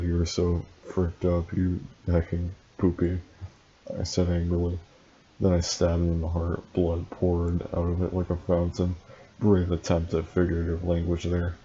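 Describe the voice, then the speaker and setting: Deep deadpan man reading aloud. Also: dull audio, slight background noise. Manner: deadpan, with sarcastic asides. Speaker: channel host reading fan fiction aloud. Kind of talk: comedic dramatic reading with commentary.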